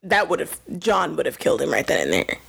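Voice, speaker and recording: A young woman co-hosting a podcast, talking casually about a TV episode, excitable and emotional, with lots of "like" fillers. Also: low voice, moderate pace, vocal fry, husky. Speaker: podcast co-host.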